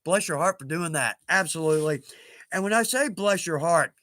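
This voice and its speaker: A man's voice: fairly high pitch, animated, normal speed, a bit bright. A middle-aged man hosting a casual livestream, chatty and folksy, laughing often. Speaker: livestream host.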